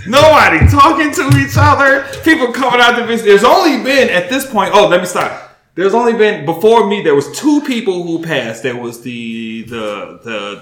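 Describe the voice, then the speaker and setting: A man's voice: high-pitched, reverberant, a little hiss or hum. A man hosting a podcast, telling a story in casual chat, laughing and swearing as he goes. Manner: laughing, profane, animated retelling. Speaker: podcast host.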